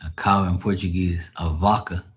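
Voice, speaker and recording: A man's voice: sits low, level tone, normal speed. A man doing casual chat with his live viewers as a tarot reader, rambling and loose, swearing and laughing often.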